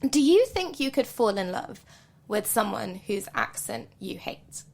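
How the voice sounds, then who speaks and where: Chatty woman, lively gravelly voice. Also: medium pitch, unhurried. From not from the UK. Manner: chatty, laughs often, says "like" and "um" a lot. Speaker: podcast co-host. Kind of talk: casual chat.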